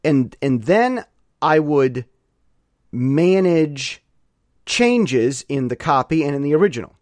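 A man's voice: fairly high pitch, very animated, slow pace, darkish tone, no echo, clean studio sound. A man giving a casual weekly update, rambling through digressions and correcting himself with jokey asides.

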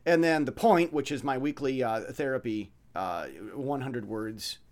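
A man's voice: medium pitch, a little slow. A man hosting a podcast, talking in a rambling, blunt monologue full of stammers and restarts. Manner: mimics dramatic voices when illustrating points. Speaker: podcast host.

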